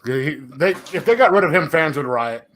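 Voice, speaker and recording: A man joins a casual comics livestream, teasing the others and stumbling over his words. His voice is bright and sharp and a little high. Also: lively intonation. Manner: teasing, halting, repeats words. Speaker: co-host. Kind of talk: casual chat.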